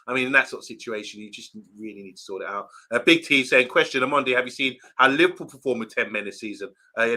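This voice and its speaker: A man's voice: mid-range voice, sharp tone. A man hosting a live football reaction show, reading out viewer comments and chatting casually while greeting viewers by name. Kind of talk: live watchalong reaction chat.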